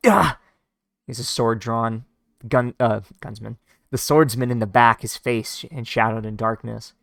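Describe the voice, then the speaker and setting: Guy casually reading a comic out loud, gravelly voice, lots of uhs, dry close sound. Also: medium pitch, little pitch movement, no room sound. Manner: informal, halting, describes panels with fillers. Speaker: read-along narrator. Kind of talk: casual read-along of a comic.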